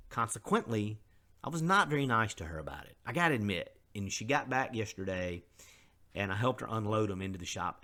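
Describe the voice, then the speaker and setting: A middle-aged man hosts a candid motivational podcast monologue, speaking in a fairly low voice that sounds pushed and bright. He's earnest and conversational, openly admitting his faults.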